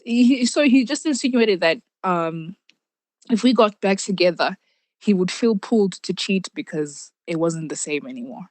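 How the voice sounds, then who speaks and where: A young woman guest telling a personal story in conversation, animated, with frequent laughs and restarted sentences. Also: mid-range voice, normal speed, no echo. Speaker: podcast guest.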